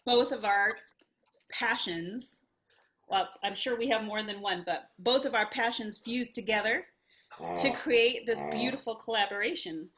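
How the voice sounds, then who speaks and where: A woman sharing her thoughts in a casual group video call, thoughtful and hesitant, with many pauses and fillers. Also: a little high, a bit bright. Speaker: study group participant.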